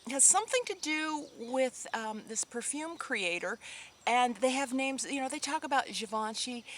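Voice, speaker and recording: A woman's voice: a little high, a bit bright, slight background noise. A sad, subdued woman vlogger chatting casually to her viewers, rambling and emotional, with sighs and restarts. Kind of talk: casual chat to camera.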